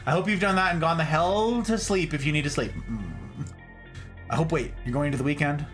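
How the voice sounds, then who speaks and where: A man chatting casually on a live stream, effusive and quick to laugh as he greets his viewers. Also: on the high side, a bit bright, soft background music.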